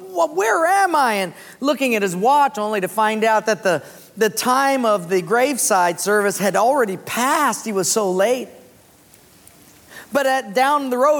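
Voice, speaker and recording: Preacher telling a story in a reverberant auditorium. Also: medium pitch. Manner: conversational, animated storyteller. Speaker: pastor. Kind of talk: sermon with storytelling. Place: large auditorium. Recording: long reverb in a large auditorium.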